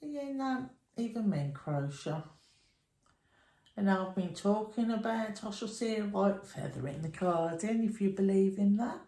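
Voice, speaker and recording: Slow, chatty woman, echoey room. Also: mid-range voice, mellow. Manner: chatty, meandering, nostalgic storytelling. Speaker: crochet vlogger. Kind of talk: rambling reminiscing chat.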